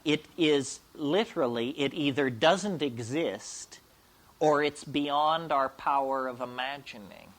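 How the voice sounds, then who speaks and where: A man's voice: mid-range voice, slow pace, a bit bright. A man giving a public lecture in a provocative, emphatic and wry way.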